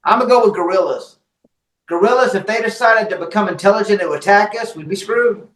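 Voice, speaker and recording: A man on a comedy podcast, telling folksy stories in casual, animated chat. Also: high-pitched, brisk. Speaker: podcast co-host. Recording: roomy echoey sound.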